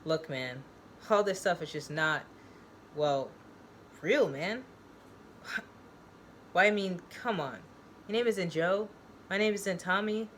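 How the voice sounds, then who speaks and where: A brash young male patient of a psych ward, cocky and full of slang, as a woman reads him aloud from her own novel. The voice sits fairly low and stays close to her everyday tone. A faint hiss of noise runs underneath. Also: takes it slowly, long pauses. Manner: cocky, slangy, calls people dude and man.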